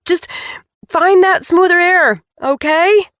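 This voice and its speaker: A woman voicing a frightened heroine who shouts over plane noise, strained and breathless. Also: very high-pitched, sing-song, takes it slowly, dry recording, studio quality, voice pushed up, full character voice. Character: anxious woman, cancer survivor, scared on a small plane.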